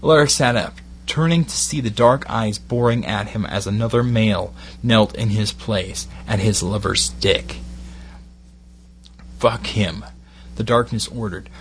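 A Glaswegian man narrating an erotic story in a measured, steady delivery with short phrased pauses. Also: lowish voice, slight background noise.

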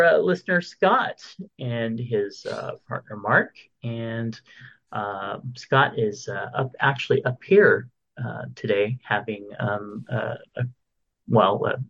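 A man's voice: medium pitch, slow pace, creaky, a bit bright, muffled recording. A man co-hosting a podcast in casual chat, reading out birthdays and listener messages. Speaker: podcast co-host.

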